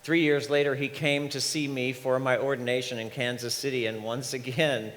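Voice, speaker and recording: Guy minister preaching a story sermon, mid-pitch, big hall reverb, faint room hum. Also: flat delivery, moderate pace, fairly bright tone. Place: large church sanctuary.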